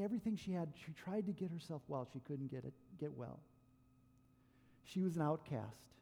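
A male preacher telling a story in a sermon, animated and acting out the quoted lines. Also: sits high, breathy edge, big-room sound. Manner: animated retelling with acted quotes.

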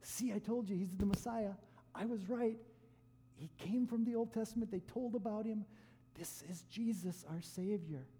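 A man voicing an excited male apostle, speaking in an eager, exclamatory way. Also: high-pitched, normal speed, in a large hall, slight background noise, pitched above the performer's own voice. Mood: triumphant. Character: excited male apostle, adult, proud and joyful.

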